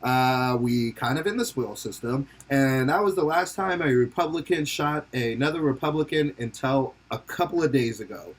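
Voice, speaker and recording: A man's voice: mid-range voice, moderate pace, few pauses, slightly rough. A young man hosting a podcast, rambling and joking in casual commentary, laughing often and swearing freely. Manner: slips into silly put-on voices for quotes. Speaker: podcast host.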